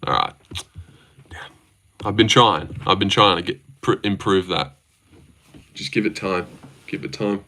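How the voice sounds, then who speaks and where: A man's voice: sits low, a little slow, pauses often, pushed and bright. A young Australian man casually chatting on a livestream, answering chat questions with a laid-back, jokey manner. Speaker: streamer reading chat.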